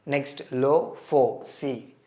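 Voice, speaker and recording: A man's voice: medium pitch, very slow, warm tone. A man giving an exam-prep lecture, asking and answering his own questions and repeating key points. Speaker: English teacher.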